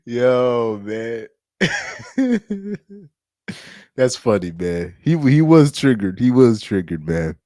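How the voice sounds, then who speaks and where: A man's voice: medium pitch, very animated, drawn-out words, a little mellow, no room sound, clean studio sound. A man hosting a casual live stream, reacting to a football game and laughing often as he rambles. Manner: laughs often, loose and rambling with many restarts.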